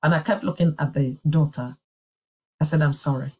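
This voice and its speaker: Husky woman giving an earnest sermon testimony. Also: deep voice, moderate pace, a little mellow. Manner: earnest, emphatic storytelling. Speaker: church speaker.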